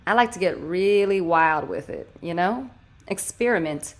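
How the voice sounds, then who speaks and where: A woman reading the lines of a smug, amused man who casually coaxes his friend toward something dark, in an audiobook. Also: on the low side, unhurried, close to an everyday voice. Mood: coaxing. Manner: casual, grinning, persuasive.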